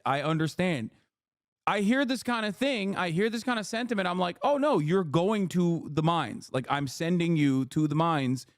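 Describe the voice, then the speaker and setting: A man streaming live, reacting to a video with animated, sarcastic and profane commentary. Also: on the high side, no echo, studio quality.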